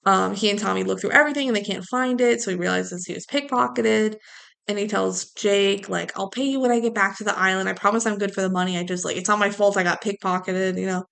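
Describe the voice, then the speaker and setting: A woman's voice: medium pitch, steady tone, fast, creaky, fairly bright tone. A woman co-hosting a podcast, chatting casually through a movie recap, laughing and quoting characters. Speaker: podcast co-host.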